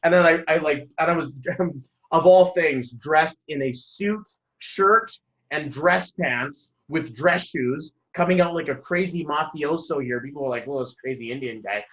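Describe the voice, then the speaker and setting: A man's voice: fairly high pitch, unhurried, fairly bright tone, lo-fi sound. A man in his thirties, a numerology coach giving a motivational talk to a group on a video call, telling stories animatedly and laughing mid-sentence. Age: 30s.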